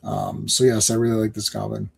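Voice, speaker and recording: A man's voice: lowish voice, little pitch movement, brisk, vocal fry, darkish tone, husky. Rambling middle-aged man hosting a stream. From Canada. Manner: rambling, self-interrupting, chuckling. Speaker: stream host. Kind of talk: casual live-stream chat.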